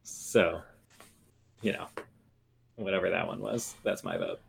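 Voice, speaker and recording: A man with a gravelly, creaky voice that sits fairly low banters as a podcast co-host. He is playful and jokey, laughing easily between lines. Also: huge pitch swings, unhurried. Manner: playful, joking, laughs often. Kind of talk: casual chat.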